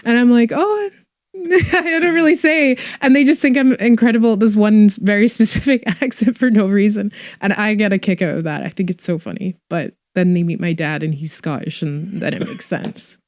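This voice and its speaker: A woman actress chatting casually in an interview, full of fillers and quick laughs. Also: mid-range voice, darkish tone, dry recording, clean studio sound.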